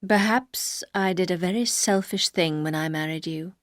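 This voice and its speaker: A woman voicing a gruff, brooding older aristocratic husband, speaking low, curt and measured. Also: lively intonation, no echo, clean studio sound, lightly acted. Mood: somber.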